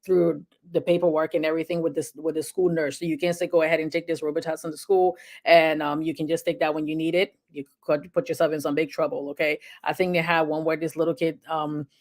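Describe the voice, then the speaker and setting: A woman's voice: deep voice, little pitch movement, fast, few pauses, a little mellow. A middle-aged woman giving casual health advice to parents, chatty and often checking in with "okay?". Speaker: health video host.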